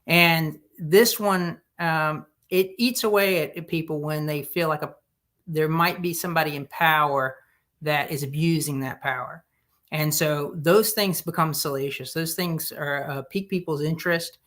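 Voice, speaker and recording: A man with a Southern United States accent answering as a podcast guest, easygoing and pausing to search for words. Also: a little high, steady tone, fairly bright tone. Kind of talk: casual interview answers.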